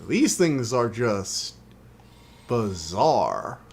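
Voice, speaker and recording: A man's voice: medium pitch, sing-song, very slow. A man streaming a video game, chatting as he plays, wry and sometimes exasperated. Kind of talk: gaming stream commentary.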